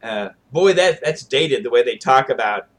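A man's voice: medium pitch, lively intonation, normal speed, a bit bright. A man co-hosting a podcast, chatting casually, joking and trailing off with fillers and mock quotes. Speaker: podcast co-host. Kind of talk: casual chat.

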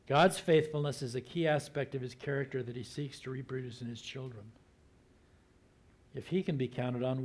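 A man giving a sermon in a conversational, storytelling manner, often acting out the people in his stories and sometimes slowing to a soft, hushed voice for emphasis. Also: medium pitch, husky. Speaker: pastor.

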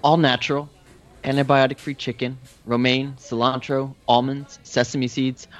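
A man's voice: mid-range voice, flat delivery, normal speed, highs cut off, faint music behind. A man reading a menu aloud in a casual group, adding dry, wry asides.

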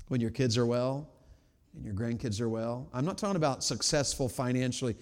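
A man preaching a sermon in a church, swinging between loud emphatic peaks and low quiet asides. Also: a little fast. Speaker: pastor. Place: church sanctuary. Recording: long reverb of a large church hall.

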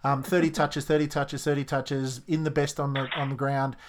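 A man's voice: medium pitch, flat delivery, moderate pace, a little hiss or hum. A man hosting a radio chat, opinionated and openly worried like a passionate fan. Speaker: radio host.

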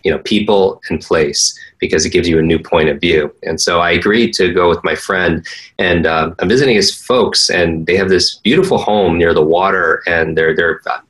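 A man's voice: sits low, normal speed, a bit bright, rough recording. A man, a learning coach, telling a personal story earnestly in conversation, with frequent restarts and fillers. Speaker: interview guest, learning coach.

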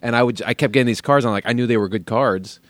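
A man on a casual podcast, chatting quickly and telling a story. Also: medium pitch, a bit bright, dry recording. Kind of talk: casual chat.

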